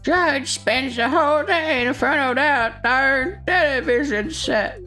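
A man doing a very high, fluttery, gossipy village woman, with a lilting pitch and soft game music behind her. The tone is chatty and fussy, as in read-aloud game dialogue. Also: slow, exaggerated voice. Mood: grumbling.

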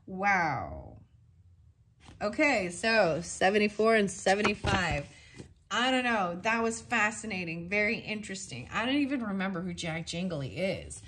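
A woman's voice: medium pitch, expressive, normal speed, fairly bright tone, slight background noise. A woman giving a tarot reading in a casual, rambling way, thinking aloud as she goes and questioning herself. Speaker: tarot reader.

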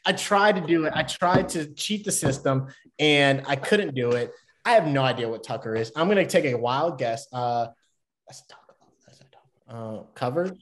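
A Southern man from Georgia rambling happily as a podcast guest, often laughing at himself. His voice is at an average pitch for a man. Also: moderate pace, fairly bright tone. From Atlanta, Georgia. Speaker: podcast guest, baseball player. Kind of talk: casual podcast chat.

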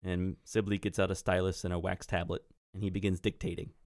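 A man running a tabletop game, explaining the setting in a relaxed way with fillers. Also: sits low, a little fast, no room sound, clean studio sound. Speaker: game master. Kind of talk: casual tabletop play.

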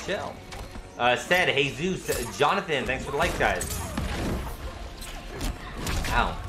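A man streaming a fighting game live, talking to his viewers, thanking them for likes, and swearing and shouting when he gets hit. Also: mid-range voice, expressive, slow. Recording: roomy with game music behind.

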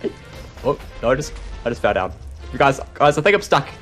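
A young man doing excitable gameplay commentary, exclaiming and laughing at his own mistakes. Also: mid-range voice, fairly quick, soft background music. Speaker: gaming YouTuber.

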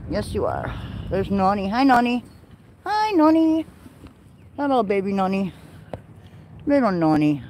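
A woman's voice: mid-range voice, darkish tone, slight background noise, rough recording. A woman livestreaming from an outdoor farm pen, cooing baby talk to her goats and chicks in a casual way. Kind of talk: casual chat to farm animals.

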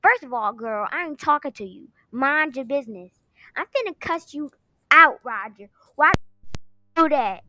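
A woman voicing a sharp-tongued young woman who feels neglected by her boyfriend, in an amateur online drama, talking in a sassy, threatening way with quick comebacks. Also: high voice, lively intonation, faint music behind, poor audio. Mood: furious.

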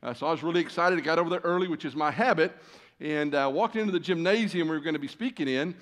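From a church stage, a guest preacher of about sixty tells stories to a large congregation in a folksy, self-deprecating sermon, filling pauses with "uh." His voice is a bit bright and sits a little higher than most men's.

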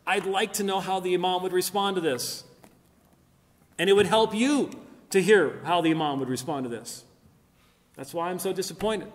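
Emphatic middle-aged man lecturing in a reverberant hall. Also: on the high side. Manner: emphatic, argumentative, rising loud on key points; frequent fillers and restarts. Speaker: Christian apologist speaker. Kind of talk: apologetics lecture. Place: church hall.

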